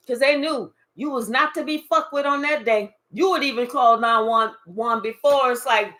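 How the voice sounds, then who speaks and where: This woman's voice is high, bright and forceful, at an ordinary speed. She delivers a profane, emphatic tarot reading to camera, speaking right to the viewer and muttering asides to spirit as she channels the cards.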